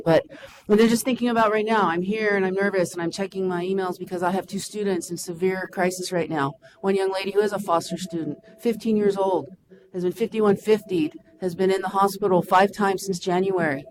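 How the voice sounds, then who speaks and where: A woman's voice: medium pitch, rough recording. Impassioned woman school counselor. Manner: impassioned and emotional. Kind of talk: public comment at a meeting.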